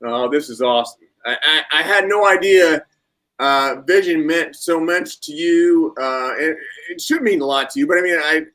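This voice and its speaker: A man hosting a live online show speaks in a bright, slightly high voice. He keeps an upbeat tone, moving between quick reactions and reminders to his audience. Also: low-quality recording. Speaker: host.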